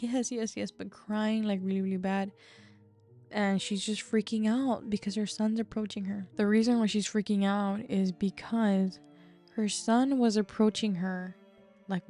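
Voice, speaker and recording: A woman's voice: mid-range voice, mellow. A woman casually narrating a story, chatty, with lots of fillers.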